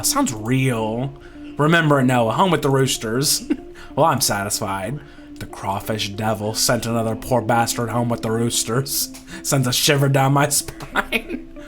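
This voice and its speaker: A man doing a loud, bossy little film director. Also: mid-range voice, natural voice. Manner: loud, rude, fast-talking and bossy. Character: brash, pushy male film director, small and energetic.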